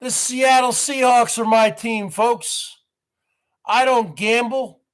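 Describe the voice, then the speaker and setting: A man's voice: extremely high pitch, fairly even intonation, slow pace. A boastful man from New Jersey hosting a rambling live stream, calling the audience "folks" and greeting viewers by name. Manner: boastful, repeats "folks" and "bottom line".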